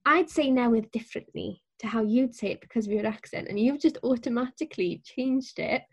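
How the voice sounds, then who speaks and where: A woman talks through a casual language lesson in a slightly breathy, husky voice that sits a little high. She is patient and encouraging, slowing down to model each word clearly. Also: expressive. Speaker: Welsh language teacher.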